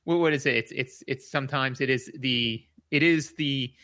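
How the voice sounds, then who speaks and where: A man's voice: mid-range voice, normal speed, sharp tone, no echo, studio quality. A man co-hosting a podcast in casual chat, rambling and searching for words with many repeats. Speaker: podcast co-host.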